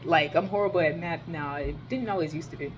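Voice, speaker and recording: A young college-age woman rants straight to her camera, swearing and piling on emphasis as she talks. Her voice sits slightly low for a woman, and a soft background hum runs underneath her. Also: a little fast. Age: young adult. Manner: animated, profane, emphatic storytelling. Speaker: college student vlogger. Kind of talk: casual ranting vlog.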